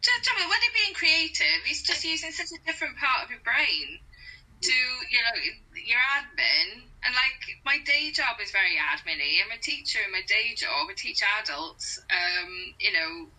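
Lively bright-voiced woman co-host. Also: on the high side, moderate pace, rough recording. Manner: chatty, rambling, laughs easily. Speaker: co-host, comedian. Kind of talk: casual chat.

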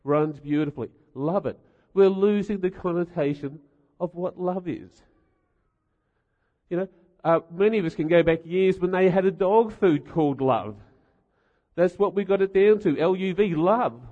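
A middle-aged man preaches in a wry, animated storytelling way and throws in rhetorical asides. His voice sits a bit high for a man. The sound is dull and trails off into a long hall reverb. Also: normal speed. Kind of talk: humorous sermon storytelling.

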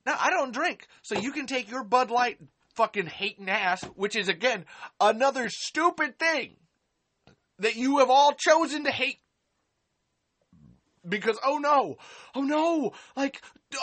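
A woman's voice: mid-range voice, animated, unhurried, fairly bright tone. A woman hosting a live stream, ranting angrily and sarcastically with heavy swearing and repeated emphasis. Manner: angry, profane, sarcastic, repeats herself for emphasis. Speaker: podcast host on a live stream.

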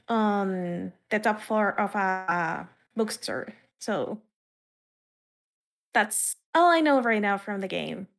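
A woman hosting a podcast in casual chat, rambling along with frequent fillers and laughs. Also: medium pitch. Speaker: podcast host.

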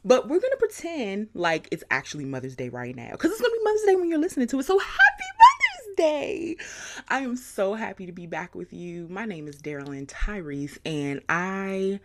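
Woman, podcast host, fairly low voice, very lively intonation, casual chatty monologue. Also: a little fast, hardly any pauses. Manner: animated, chatty storytelling with frequent laughter.

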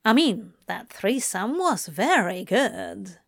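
A woman reading aloud, voicing a wry, teasing male demon in a slightly lower, softer voice. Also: very animated, slow pace, vocal fry, dry recording, clean studio sound, exaggerated voice. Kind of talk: amateur audiobook reading.

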